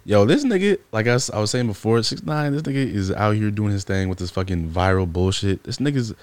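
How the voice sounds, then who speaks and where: A man's voice: on the low side, expressive, brisk, a little mellow, no echo. A man on a casual podcast, blunt and slangy, teasing the others. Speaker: podcast co-host.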